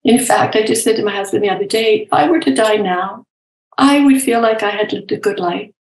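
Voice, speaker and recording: An older woman, a nurse and professor, talking candidly and gently as an interview guest, telling stories from her career. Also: medium pitch, brisk, roomy sound, low-quality recording. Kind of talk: reflective storytelling in conversation.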